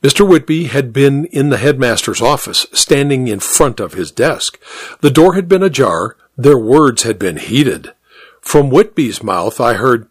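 A man narrating a first-person story in a measured, wry storytelling manner. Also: medium pitch, sing-song, husky, no echo, clean studio sound.

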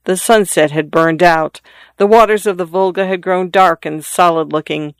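A narrator reading a classic story aloud in a measured, descriptive way. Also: medium pitch, steady tone, clear, resonant tone, dry recording. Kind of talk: scripted audiobook narration.

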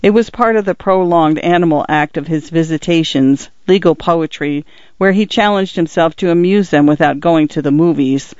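Brief: male audiobook narrator, slightly higher voice, dry muffled read, measured and expressive. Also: no echo.

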